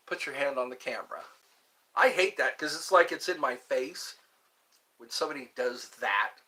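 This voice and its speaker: With a medium-pitched voice and lively intonation, a man hosts a home livestream, reading comments and meandering through viewers' questions. He talks at normal speed, and his tone comes across as sharp.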